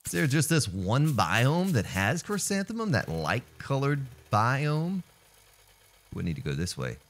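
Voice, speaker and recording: A man's voice: mid-range voice, sing-song, measured pace. A man casually commenting on his gameplay as a let's play host, chatty and jokey, addressing viewers as folks.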